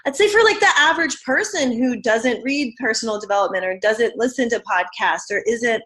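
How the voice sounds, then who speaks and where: A woman's voice: a little high, fairly quick, bright, forceful tone. A woman hosting a podcast interview, chatty and rambling as she frames her questions. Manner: chatty, rambling, many fillers. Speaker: podcast host.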